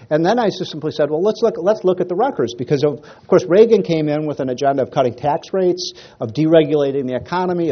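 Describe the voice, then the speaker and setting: A man's voice: on the high side, dull audio. A man giving a speech to an audience, telling a funny story with many fillers and restarts. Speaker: speaker. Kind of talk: after-dinner speech.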